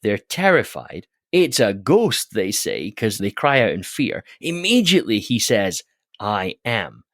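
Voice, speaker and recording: Low-voiced man explaining scripture. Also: very animated, unhurried, a bit bright, no room sound, clean studio sound. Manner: explanatory, repeats words when starting, laughs often. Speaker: podcast co-host. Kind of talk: casual Bible discussion.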